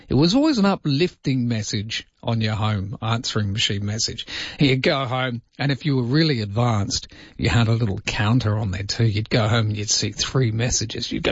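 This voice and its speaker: A man's voice: medium pitch, no room sound. A man hosting a solo talk show, chatting in a wry, rambling way with lots of asides. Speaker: show host. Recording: dry, slightly dull lo-fi sound.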